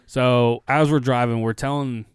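Smooth-voiced young man telling a wild story. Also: mid-range voice, a little slow, no echo, clean studio sound. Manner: profane, animated retelling with quoted voices. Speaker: podcast co-host. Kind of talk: casual storytelling.

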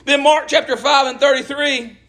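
Middle-aged preacher, very high voice, folksy, impassioned call-and-response sermon, roomy echo. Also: male voice, fairly even intonation, normal speed. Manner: impassioned, rising to shouts, folksy. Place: church.

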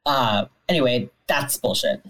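Woman, very low pitch, deadpan teasing, casual podcast recap. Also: measured pace, poor audio. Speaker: podcast co-host.

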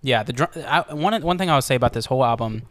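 A man's voice: medium pitch, expressive, fast talker, a bit bright. A man co-hosting a casual podcast about music, mostly agreeing and adding short comments. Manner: agreeable, chiming in with short affirmations. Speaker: podcast co-host.

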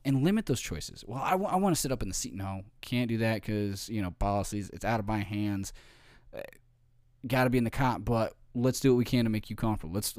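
A man's voice: fairly low pitch, darkish tone, dry recording, studio quality. A man giving an informal training talk, often checking in with "okay?" and "right?".

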